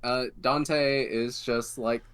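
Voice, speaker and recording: A man playing in a tabletop game, talking in relaxed, drawn-out asides. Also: medium pitch, background noise. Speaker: player. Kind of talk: casual tabletop play.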